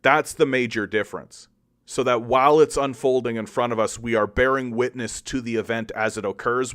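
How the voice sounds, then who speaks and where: With a steady, smooth, fairly bright voice at a moderate pace, a Canadian political commentator rants angrily, swearing and restarting his sentences again and again. Sarcasm runs through it, and he imitates opponents in exaggerated high voices.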